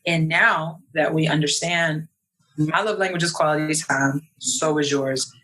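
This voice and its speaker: A woman's voice: sits low, fairly even intonation, a little slow, bright, forceful tone, low-quality recording. A young woman from New York, a guest in a casual interview, talking animatedly and acting out quoted voices. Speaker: podcast guest.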